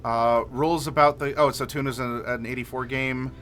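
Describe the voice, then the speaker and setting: A man's voice: medium pitch, steady tone, normal speed, fairly bright tone, soft background music. A man casually chatting on a livestream, reading viewer messages aloud and rambling with lots of filler words. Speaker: streamer reading chat.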